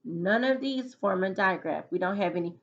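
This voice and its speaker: A woman's voice: medium pitch, animated, moderate pace, dull audio. A woman teaching a phonics lesson to children, patiently sounding out letters and syllables one by one.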